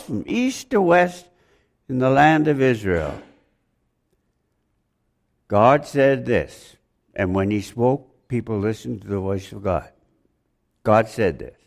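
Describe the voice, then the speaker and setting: A man's voice: mid-range voice, expressive, takes it slowly, long pauses. A man preaching a sermon, rambling, joking with the congregation and asking them questions.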